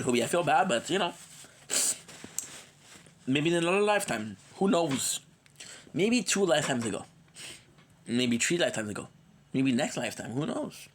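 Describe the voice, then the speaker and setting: A man's voice: a little high, very animated, normal speed, long pauses. A man streaming games live, chatting in a rambling, playful way with his viewers, tired and coming down with a cold. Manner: rambling and playful, drops in foreign words; chats with viewers by name. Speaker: gaming streamer. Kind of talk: casual livestream chat.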